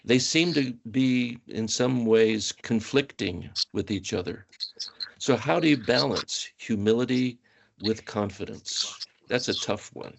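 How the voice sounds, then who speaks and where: A man's voice: medium pitch, unhurried, gravelly. A man hosting a panel discussion, thoughtful and affirming as he poses questions. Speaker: host.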